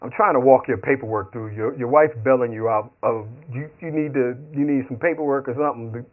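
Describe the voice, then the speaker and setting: Preacher putting on a low, gruff, tired jail clerk who mumbles through the paperwork. tinny phone-like broadcast. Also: male voice, a little fast, lightly acted. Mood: offhand. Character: weary male jail clerk handling bail papers.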